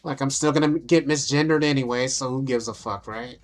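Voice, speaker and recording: A young adult woman vlogs casually over photos, brash, profane and amused at herself as she talks through them. Her very deep voice moves briskly, with faint music in the background.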